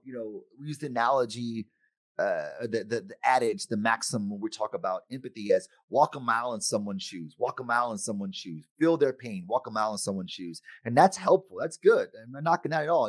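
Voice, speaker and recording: A middle-aged man giving a conference keynote, animated and acting out the voices of friends and himself. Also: mid-range voice, no room sound, clean studio sound. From United States. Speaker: conference speaker. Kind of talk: keynote talk.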